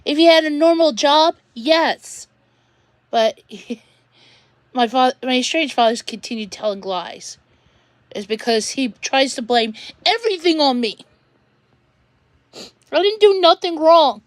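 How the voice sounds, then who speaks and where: A woman with a high voice rants to her viewers, upset and near tears. She stops and restarts her sentences as she talks. The sound is dry and close. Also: measured pace, pauses often, no room sound. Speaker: vlogger. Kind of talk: emotional rant to camera.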